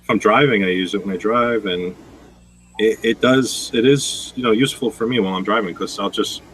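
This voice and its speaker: A man with a bright, forceful voice hosts a relaxed chat and rambles through stories, swearing freely. A faint hiss of noise sits under him in the room. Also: on the low side, a little fast, low-quality recording. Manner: rambling, profane storytelling. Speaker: host. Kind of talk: casual chat.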